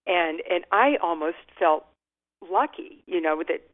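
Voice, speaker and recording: An older woman talks candidly over a thin, tinny phone line. Her voice sits low, and her reflective answers are often broken by soft laughter. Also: expressive, a little slow. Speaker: guest author. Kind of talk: interview. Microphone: telephone.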